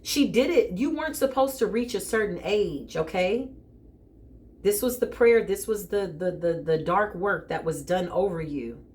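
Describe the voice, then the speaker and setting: A woman giving a casual tarot reading straight to her listener, animated and joking, often calling out "listen" and "okay". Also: mid-range voice, normal speed. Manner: animated and joking, with bursts of laughter. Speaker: tarot reader.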